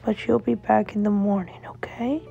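A woman voicing a protective big brother, soothing in soft hushed whispers. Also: mid-range voice, steady tone, moderate pace, vocal fry. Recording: dull lo-fi audio with faint music.

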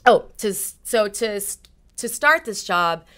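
A woman's voice: mid-range voice, lively intonation, unhurried, fairly bright tone. A woman guest in a casual interview, animatedly telling a personal story and acting out her own past conversations.

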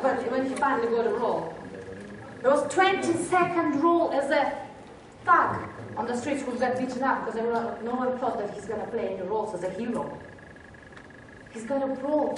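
Animated woman in a very echoey hall. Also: sits high, fairly quick, noisy background. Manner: animated retelling, restarts and acted quotes. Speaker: workshop presenter. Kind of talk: motivational storytelling to an audience. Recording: very echoey hall, distant mic.

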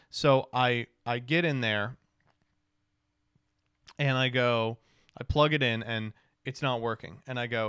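A man's voice: mid-range voice, normal speed, fairly bright tone, clean tone, no room sound, clean studio sound. A man in his twenties, a law student, telling a rambling, joking, profane travel story. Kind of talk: casual storytelling recap.

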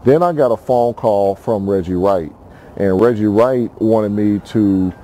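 A man calmly recounting past events in an interview, in a measured, halting way with frequent restarts. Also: fairly low pitch.

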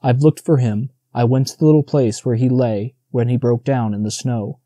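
A man voicing a gentle, grieving female deer in a storybook reading. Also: medium pitch, fairly even intonation, normal speed, no echo, studio quality, close to an everyday voice. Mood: sorrowful. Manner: gentle, sorrowful.

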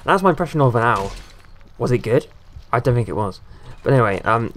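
Excitable man rambling over a game. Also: medium pitch, fairly quick, slight background noise. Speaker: gaming video creator. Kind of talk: casual let's-play commentary.

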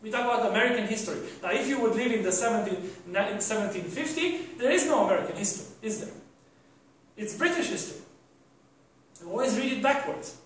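A man's voice: sits high, lively intonation, quick pace, a bit bright, a little hiss or hum. A man giving a university lecture, rambling and correcting himself, posing rhetorical questions to the class. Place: lecture hall. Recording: echoey lecture hall from far off.

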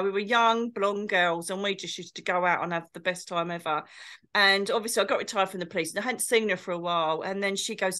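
A woman's voice: mid-range voice, sharp tone. A middle-aged woman, telling stories in a casual chat and swearing now and then. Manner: chatty storyteller, swears, does posh impressions. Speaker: co-host, medium.

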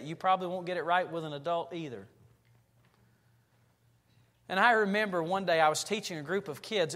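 A pastor preaching a sermon in a church, telling stories and building to loud, emphatic passages. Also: male voice, a little high. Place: church sanctuary. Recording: long reverb of a church hall.

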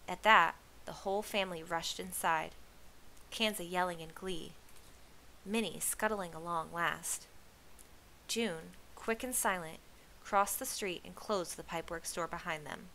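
A woman reading a novel aloud with steady, expressive storytelling. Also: lowish voice, unhurried, slight background noise, low-quality recording. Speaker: reader.

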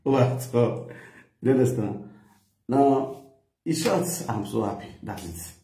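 A Nigerian man chatting excitedly on a live video, thanking his followers and mixing English, pidgin and Yoruba. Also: medium pitch, slow, echoey room, a little hiss or hum. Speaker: vlogger doing a daily live video. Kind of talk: casual live-stream chat.

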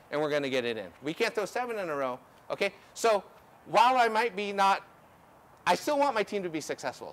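A man coaching a group through drills outdoors, energetic and instructive, often checking in with "okay?". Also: on the high side. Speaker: ultimate coach. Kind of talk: outdoor coaching clinic demonstration. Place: outdoor field.

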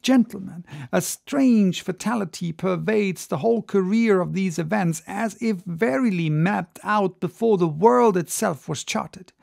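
Slow, gravelly audiobook reader. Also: mid-range voice, darkish tone, no echo, studio quality. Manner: measured, dramatic storytelling. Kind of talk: audiobook reading.

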